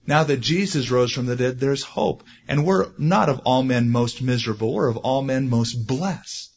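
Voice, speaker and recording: A man preaching a sermon, animated, growing loud and high when he stresses a point. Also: normal speed, gravelly, slightly rough, muffled recording. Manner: animated, rising loud for emphasis. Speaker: pastor.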